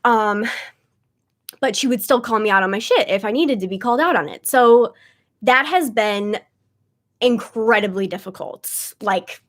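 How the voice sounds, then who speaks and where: A woman's voice: on the high side, normal speed. Chatty young woman, close to tears. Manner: chatty, lots of "like" and "um". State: tearful, on the verge of crying. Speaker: livestream host, tarot reader. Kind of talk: casual livestream chat.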